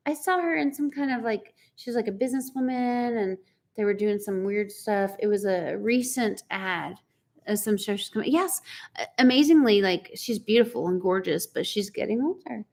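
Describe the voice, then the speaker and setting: A woman's voice: medium pitch, moderate pace, gravelly, a little mellow. A woman, chatting casually on a live stream, greeting viewers by name and laughing often. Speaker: co-host of a live chat stream.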